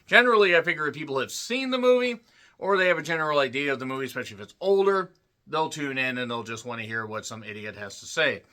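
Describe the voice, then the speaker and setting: A man giving a rambling, irreverent movie review with crude jokey asides, often clearing his throat. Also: on the high side, fast, bright, forceful tone. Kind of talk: casual movie review monologue.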